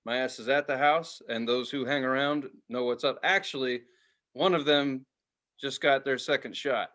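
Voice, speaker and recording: A middle-aged man co-hosting a casual podcast chat, telling a story with lively energy. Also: medium pitch, moderate pace. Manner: animated storyteller, acts out quotes loudly. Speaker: podcast co-host.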